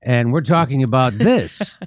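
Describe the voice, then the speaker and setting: Animated, sarcastic male commentary host. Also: medium pitch, a little slow, no echo. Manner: mocking, animated, sarcastic asides. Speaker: show host.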